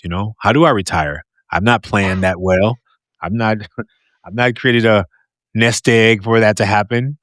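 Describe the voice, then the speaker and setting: A man hosting a podcast interview with a loud, deep, projecting voice, talking in an animated, expressive way and laughing often. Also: dry recording, clean studio sound. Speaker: podcast host. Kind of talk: casual conversational interview.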